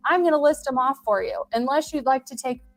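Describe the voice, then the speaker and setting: A woman, a podcast guest, talking in an emphatic, energetic, motivational way. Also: high voice, a little fast, faint music behind, low-quality recording. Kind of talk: casual chat.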